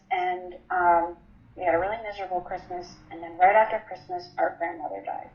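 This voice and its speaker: A woman's voice: lowish voice, steady tone, a little fast, a little mellow. A woman in her twenties telling her personal story in an interview, candid and matter-of-fact, with frequent ums. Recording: roomy, slightly dull recording.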